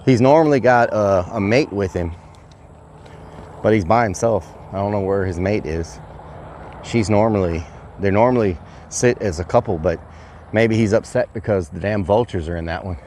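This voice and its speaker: A man livestreaming outdoors, chatting excitably to his viewers and calling them y'all. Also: on the low side, moderate pace, long pauses, slight background noise. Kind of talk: casual outdoor livestream chat. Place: outdoors at a rural property.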